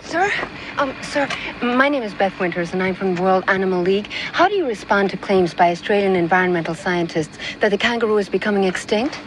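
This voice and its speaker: A woman's voice: medium pitch, animated, fairly quick, natural voice, rough recording. Hesitant woman activist reporter played by an actress, stammering questions, outdoor noise behind. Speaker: animal rights interviewer in a film. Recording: film audio with outdoor noise.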